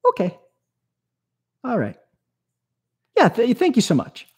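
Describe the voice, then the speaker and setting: A man's voice: extremely high pitch, huge pitch swings, takes it slowly, slightly rough, voice pushed up, full character voice. A man voicing a hesitant male employee who stammers sheepishly on a phone call.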